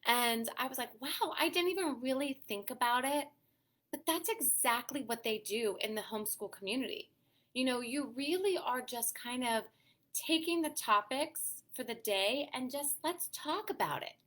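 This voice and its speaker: Bright-voiced chatty mom host. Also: female voice, high voice, expressive, normal speed. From Pittsburgh area, USA. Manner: chatty and encouraging, often adds "okay?" and "you know". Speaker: host of a mom community livestream. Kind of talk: casual livestream chat reading viewer comments.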